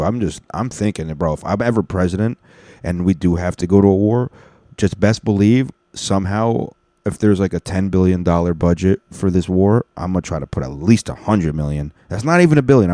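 Young male podcast host, very deep voice, dry close sound, loose and profane ramble. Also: mellow, no echo. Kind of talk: casual rambling solo podcast.

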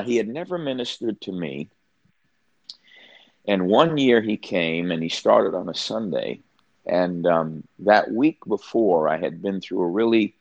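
A man's voice: lowish voice, creaky, husky, dry recording, muffled recording. An older man, a pastor, telling a personal story as an interview guest, earnest and often restarting his sentences.

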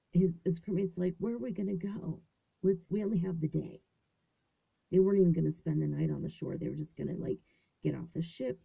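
Speaking from a small closet on a tinny line that sounds like a phone, this vlogger in her fifties tells a meandering story full of fillers and restarts, partly in a whisper. Her voice is low and husky with vocal fry.

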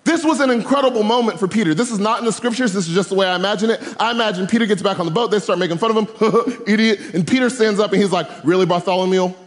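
A man preaching to a camp crowd, animated and funny, mixing slang into his storytelling. His voice sits notably high, and a large hall lets every phrase trail off in long reverb. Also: racing, hardly any pauses. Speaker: camp speaker. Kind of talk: youth sermon. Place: large room with live audience.

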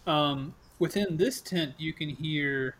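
A man narrating as game master in a casual, quick way with many fillers. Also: a little high, a bit bright.

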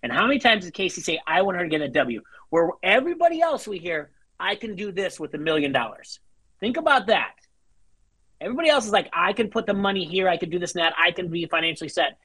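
Husky co-host making a point, dry sound. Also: medium pitch, sing-song, fast talker, no room sound, low-quality recording. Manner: argumentative, builds a point, quotes people, trails off quietly. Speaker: podcast co-host. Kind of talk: casual chat recapping a reality show.

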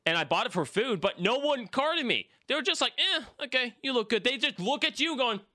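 A male podcast host chatting casually, animated and swearing freely, with some consonants blurred and P and B sounds mixed. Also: very high voice, fairly quick, dry recording.

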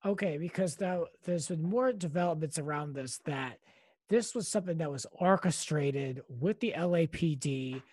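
A man's voice: a little high, normal speed, a little mellow, no room sound, studio quality. A man co-hosting a podcast, musing aloud with lots of "like" and half-finished questions. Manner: musing, full of "like" and trailing questions. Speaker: podcast co-host. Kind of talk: casual chat.

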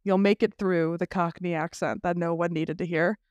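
A man co-hosts a casual film podcast, talking animatedly with frequent restarts and the occasional swear. His voice is smooth and resonant, recorded close and dry with no room sound. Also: sits high, steady tone, moderate pace, dry recording. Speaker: podcast co-host.

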